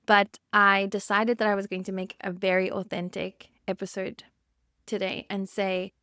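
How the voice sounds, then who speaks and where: A woman's voice: medium pitch, level tone, moderate pace, smooth, dry recording, studio quality. A woman in her thirties, hosting a podcast alone, speaking candidly and getting choked up with emotion. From South Africa. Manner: candid, emotional, laughs softly. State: choked up, near tears. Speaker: podcast host and therapist. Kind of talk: personal monologue podcast.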